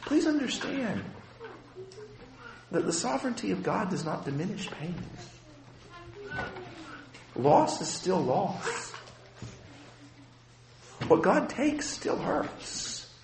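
A man preaching a sermon as a pastor, impassioned and shifting between quiet and loud passages. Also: high-pitched, big pitch swings, slow, gravelly, pauses often, echoey room.

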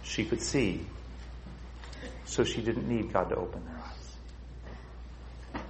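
A man preaching a sermon to his congregation, swinging between loud, high emphasis and low, quiet stretches, and asking them rhetorical questions. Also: slow, slight background noise, rough recording. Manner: emphatic preaching with big swings in pitch and loudness. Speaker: pastor.

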